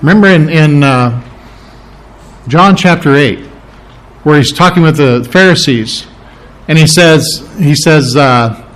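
Male pastor, slightly raised pitch, relaxed teaching sermon with questions to the room. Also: slow pace, pauses often. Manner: conversational teaching with questions to the congregation; restarts and repeats words while thinking aloud.

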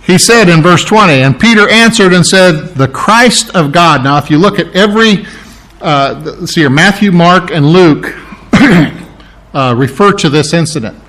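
Man, pastor, conversational sermon, slightly high voice, self-correcting. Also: expressive, measured pace, a bit bright.

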